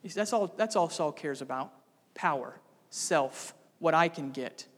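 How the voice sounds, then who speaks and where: A man preaching an expository sermon as pastor, emphatic, with sudden dramatic rises in pitch and volume. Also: lively intonation, normal speed, slightly rough. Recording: long hall reverb.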